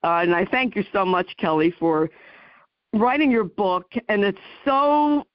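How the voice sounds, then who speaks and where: A woman hosting a radio interview show who talks effusively and emotionally, with halting "uh"s between her words. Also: fairly low pitch, lively intonation, no echo, lo-fi sound. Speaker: host.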